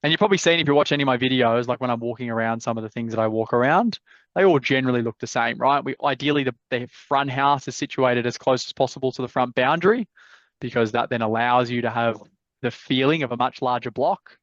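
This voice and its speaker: A man's voice: mid-range voice, quick pace, a bit bright, no echo. An Australian man hosting a live property mentorship call, giving blunt, laid-back advice and swearing freely. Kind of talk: casual advice chat. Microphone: video call. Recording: dull, dry video-call audio.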